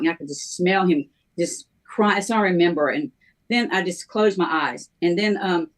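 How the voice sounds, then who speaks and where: A middle-aged woman, a minister, telling her life story in a halting, conversational way, with many ums and restarts. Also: lowish voice. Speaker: guest minister sharing her testimony.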